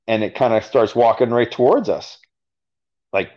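Speaking at normal speed with a medium, animated and slightly mellow voice, this Canadian-accented guest from Alberta recounts a story on a podcast. His delivery is casual and full of filler words, captured in dull lo-fi sound.

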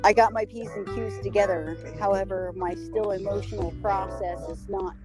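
A woman's voice: medium pitch, steady tone, moderate pace. A woman in casual podcast chat, candid and profane, laughing often and acting out the voices she quotes. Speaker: podcast guest interviewing the host. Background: background music.

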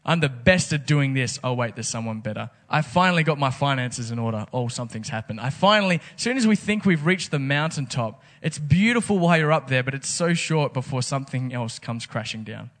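A man's voice: medium pitch, lively intonation, fairly quick, hardly any pauses, a bit bright. A man preaching a casual, conversational sermon, full of rhetorical questions. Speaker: pastor.

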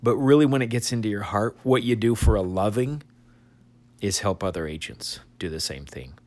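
A man giving a motivational talk to insurance sales agents in an energetic coaching manner, repeating short exhortations. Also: on the low side, normal speed. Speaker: insurance agency leader.

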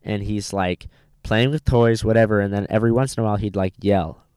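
A man's voice: lowish voice, fairly even intonation, fairly quick, darkish tone, clean tone, no room sound, studio quality. A young man swapping crude stories in a casual podcast chat, mimicking people along the way. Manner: profane storytelling, mimics people in a raised voice.

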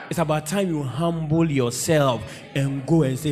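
A man preaching a humorous sermon, animated and repetitive, breaking into shouts and laughter. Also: a little high, normal speed, few pauses, faint music behind.

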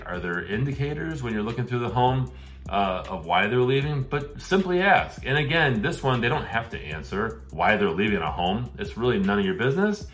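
A man's voice: fairly low pitch, a bit bright. A middle-aged man hosting a real estate advice show, talking casually and acting out the questions he would put to a seller. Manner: conversational, acts out questions to sellers.

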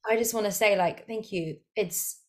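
A woman hosting a podcast, chatting casually and excitedly, swearing freely as she shares her own story. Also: mid-range voice, moderate pace. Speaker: podcast host. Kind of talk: casual conversational interview. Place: home with a dog nearby.

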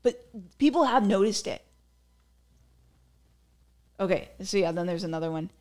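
A woman's voice: mid-range voice, animated, normal speed, darkish tone. A young woman hosting her own podcast, talking casually on her own, full of "like" fillers and giggly asides. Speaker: podcast host. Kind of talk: casual solo podcast chat.

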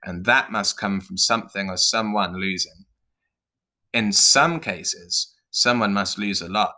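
A man's voice: fairly low pitch, unhurried, pushed and bright. A man voicing a blunt, foul-mouthed male owl who preaches about being a predator. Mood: preachy. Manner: pushy, preachy, swearing.

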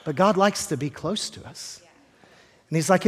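A man with a fairly high voice preaches a sermon in an easy, chatty way. He doubles words while he builds a point and slips in jokes for the congregation. A long reverb from the sanctuary trails every phrase. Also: lively intonation, moderate pace, breathy edge. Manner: joking asides to the congregation. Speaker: pastor.

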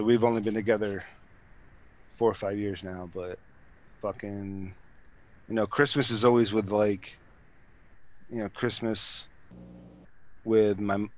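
A man in his thirties chatting casually as a podcast co-host, rambling with lots of fillers and swearing. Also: on the low side. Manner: rambling, profane, filler-heavy. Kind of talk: casual chat.

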